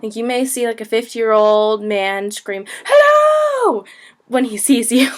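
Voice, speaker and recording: A woman's voice: on the high side, fairly even intonation, moderate pace. A woman in her twenties gives a casual video lesson, chatty and laughing easily, full of "like" and "you know". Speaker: language teacher, travel vlogger.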